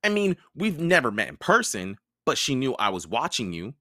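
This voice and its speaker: A man voicing a nervous, touchy young male satyr with a high, hesitant voice. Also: wildly swooping pitch, moderate pace, pushed and bright, no room sound, clean studio sound. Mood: anxious.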